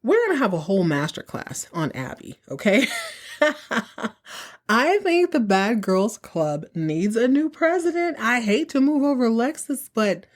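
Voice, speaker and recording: A podcast host recaps episodes in a casual, chatty way, keeping a sassy edge and tossing in quick asides. Her voice sits at medium pitch and is a little mellow.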